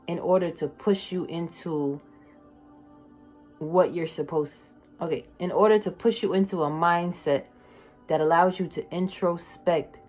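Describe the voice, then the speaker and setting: A woman giving a casual tarot reading, emotional and slangy, swinging between loud excitement and soft near-whispers. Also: fairly low pitch. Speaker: tarot reader.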